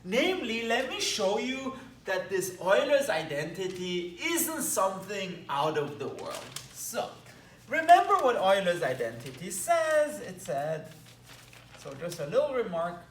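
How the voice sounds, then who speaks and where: A man with a Belgian accent explains math at a whiteboard with enthusiasm and little playful asides. His pitch swings lively up and down while he keeps a slow, deliberate pace. The sound is roomy and echoey, picked up from a distance with a faint hum behind. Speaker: math lecturer. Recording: echoey room, mic at a distance.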